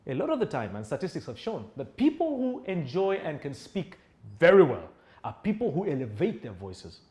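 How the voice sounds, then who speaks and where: A man teaches public speaking, his voice sitting a little high and swinging widely in pitch. He talks animatedly and keeps acting out sample voices to make his points. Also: moderate pace. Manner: animated, acts out example voices and tones. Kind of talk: lecture-style speaking class.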